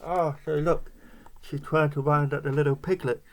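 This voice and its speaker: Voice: medium pitch, steady tone, moderate pace. A parent reading a picture book aloud to a child, breaking off for chatty asides and little laughs.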